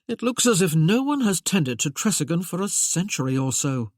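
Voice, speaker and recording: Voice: medium pitch, sing-song, moderate pace, a little mellow, dry recording. An audiobook narrator voicing an authoritative nobleman with a dry, cutting tone. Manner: dry, commanding. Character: dry, authoritative aristocratic Duke.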